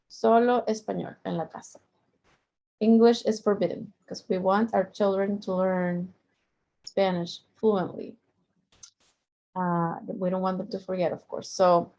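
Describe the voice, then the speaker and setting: A woman's voice: medium pitch, creaky, darkish tone. A middle-aged woman teaching a Spanish lesson, patiently repeating each point and drawing out the example words. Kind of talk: language lesson.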